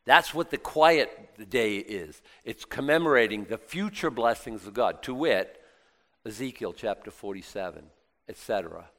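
A man's voice: fairly low pitch, expressive, moderate pace. A man preaching a Bible teaching, reading scripture and commenting in a joking, conversational way with rhetorical questions. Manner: reads scripture aloud, then comments in a joking conversational aside; asks the listeners rhetorical questions, with swings between loud and quiet.

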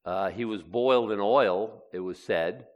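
A man's voice: fairly low pitch, unhurried, muffled recording. A man preaching a sermon, reading scripture aloud with sarcastic asides. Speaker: pastor.

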